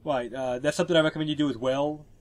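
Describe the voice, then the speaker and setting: Explaining gameplay as he narrates a walkthrough, a man chats casually with filler words, his voice stuffy and congested from a cold. The pitch is fairly high, the tone steady, and he talks fast.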